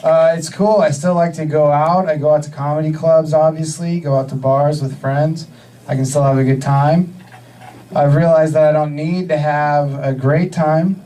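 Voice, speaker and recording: A man in his thirties from the US Northwest doing a stand-up comedy set, with a deadpan, halting delivery full of fillers. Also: fairly high pitch, distant mic, poor audio. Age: 30s. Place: comedy club stage.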